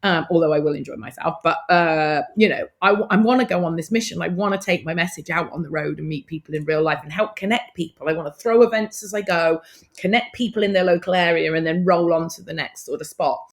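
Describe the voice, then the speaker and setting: A middle-aged woman, a podcast guest telling her story in a lively, expressive way and acting out past conversations. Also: on the low side, fast.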